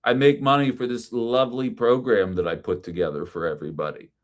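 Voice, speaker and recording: A man's voice: medium pitch, steady tone, brisk. Male host, middle-aged, blunt and sarcastic, casual profane commentary. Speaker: host of a call-in political stream.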